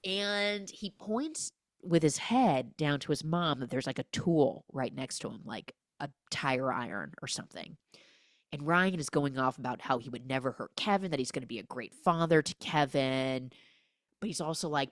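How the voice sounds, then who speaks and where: A woman podcast host tears through a film recap, throwing herself into each character's lines with big swings of pitch. Her voice sits on the low side, and the recording is dry and up close. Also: no echo. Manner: animated, acts out characters' lines in quick voices.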